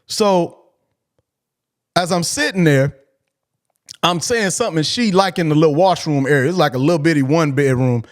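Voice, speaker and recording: Podcast host, male, high voice; blunt, profane, animated storyteller. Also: moderate pace, pauses often. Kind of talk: casual storytelling.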